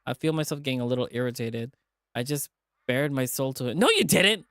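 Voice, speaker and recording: A man's voice: medium pitch, a little fast, clean tone, dry recording, clean studio sound. A man streaming as he reads a visual novel aloud and voices its characters in a dramatic way. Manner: dramatic reading, animated asides.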